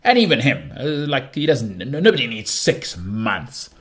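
A man's voice: medium pitch, sing-song, moderate pace, fairly bright tone. Guy doing his own podcast solo, chatty and ranty, lots of up and down in his voice, keeps tripping over words, bit sarcastic. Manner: rambling and opinionated, with frequent stammered restarts; sarcastic, teasing. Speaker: podcast host. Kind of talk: casual solo podcast monologue.

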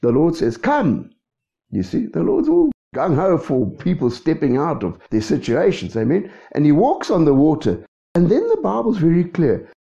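A man's voice: on the high side, wildly swooping pitch, normal speed, vocal fry, dark tone. A man preaching a sermon, who keeps checking in with his congregation. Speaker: pastor. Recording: dull lo-fi recording.

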